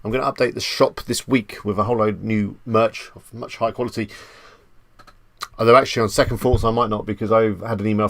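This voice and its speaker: Chatty man with a gravelly voice. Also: fairly low pitch, dry recording. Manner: chatty, reads viewer comments aloud and answers them; jokey, self-amused asides. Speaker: live stream host. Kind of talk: casual live stream chat.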